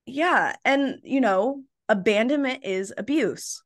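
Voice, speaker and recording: A woman's voice: a little high, slow pace. A young adult woman, a podcast guest, telling her own story candidly and tagging her points with "right?" and "like". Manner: animated, tags points with "right?" and "like".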